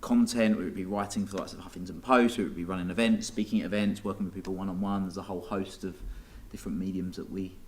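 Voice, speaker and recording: A man's voice: deep voice, fairly even intonation, very fast, few pauses, slight background noise. A young man with an Essex accent, a guest coach talking cheerfully in an interview, laughing often. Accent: Essex English. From Essex, England. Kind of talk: casual interview chat.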